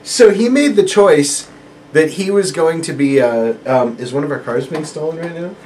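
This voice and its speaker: A man telling stories in casual chat, animated and laughing into his lines. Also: a little high, moderate pace. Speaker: storytelling guest. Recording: distant mic, faint background noise.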